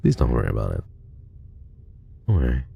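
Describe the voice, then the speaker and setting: A male streamer who is unwell, chatting casually on a livestream while reading donations, soft and drowsy in tone, often trailing off. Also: extremely low pitch, huge pitch swings, fairly quick, gravelly, breathy edge.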